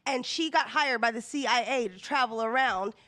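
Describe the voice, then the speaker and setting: A woman with a high, bright voice speaks on a casual panel chat. She tells her story with emphatic, punchy phrasing. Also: moderate pace. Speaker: panel guest.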